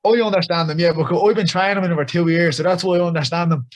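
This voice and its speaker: A young Irish boxer, appearing as an interview guest, chats casually and upbeat in a slightly high, rapid-fire voice with fairly even intonation. He is full of praise for others.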